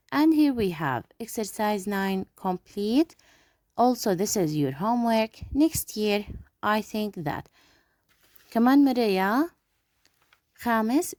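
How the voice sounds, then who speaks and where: A woman teaching English to young pupils. She stretches out each word slowly as she models it, then explains quickly. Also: mid-range voice, a little mellow, no echo, clean studio sound. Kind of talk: classroom lesson for young pupils.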